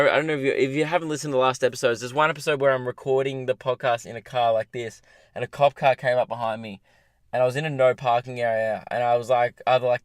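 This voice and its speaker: A young Australian man rants through a solo comedy podcast from his parked car, exasperated and rambling, often poking fun at himself. His voice sits at a middling pitch. The sound is close and dry, with no room echo. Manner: exasperated, ranting, self-mocking.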